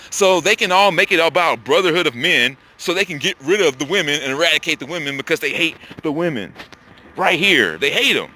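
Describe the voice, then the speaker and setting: A man's voice: a little high, animated, brisk, sharp tone. A man delivering a profane, agitated, combative ranting monologue as host of his own channel.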